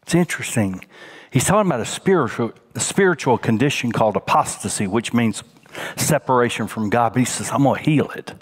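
Man, pastor preaching, medium pitch, hushed near-whispers, lifts his voice in storytelling. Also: expressive, a little fast, husky. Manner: drops to a hushed near-whisper on tender points, rises pitch when telling a story. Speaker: senior pastor. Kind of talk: sermon.

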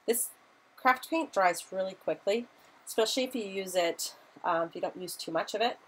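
A woman's voice: medium pitch, normal speed, fairly bright tone, low-quality recording. A woman in her thirties hosting a live craft tutorial, chatty and a little flustered, apologizing often as she works. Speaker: craft demonstrator.

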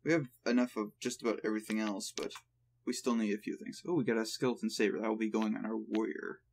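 A man hosting a let's play, thinking aloud in a relaxed way while he plays. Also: lowish voice, fast talker, gravelly, slight background noise. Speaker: gaming channel host.

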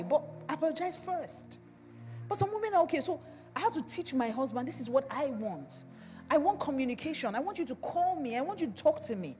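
A woman pastor with a Nigerian accent, preaching a sermon and telling stories in an animated way, laughing along. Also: high voice, a little fast, big-room sound, soft background music. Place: church.

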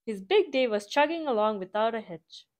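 High, lively woman reading a children's book. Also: moderate pace. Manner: animated, sound effects. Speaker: storybook reader. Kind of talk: children's read-aloud.

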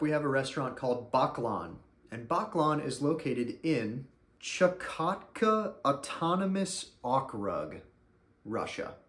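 A man's voice: medium pitch, fairly bright tone, echoey room. An American man giving comedic commentary in a mock-serious, sarcastic, playful way. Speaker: YouTube commentator. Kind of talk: comedic commentary reading reviews.

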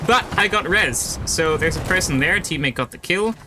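A man's voice: on the high side, lively intonation, normal speed, over music. A young man giving casual live commentary while playing a video game, explaining his choices as he goes. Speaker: gaming YouTuber.

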